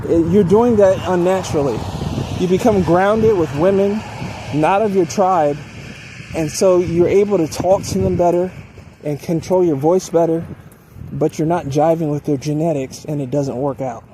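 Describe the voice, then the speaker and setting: A man delivering a preachy advice monologue to his viewers, often pausing to ask "okay?". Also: a little high, mellow, slight background noise. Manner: preachy, repeats "okay?" to check in. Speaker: dating advice channel host.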